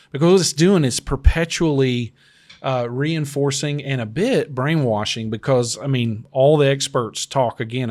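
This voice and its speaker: Mid-pitched male podcast co-host, earnest and advice-giving. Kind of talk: casual podcast discussion.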